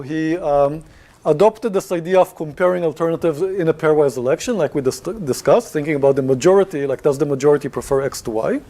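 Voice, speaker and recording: A man's voice: fairly high pitch, warm tone. A man giving a university lecture, talking to the class in a conversational way with many fillers and questions.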